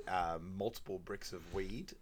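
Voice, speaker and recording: A man's voice: sits low, measured pace. A man co-hosting a podcast, casually recapping a film scene by scene and quoting lines with a laugh. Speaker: podcast co-host.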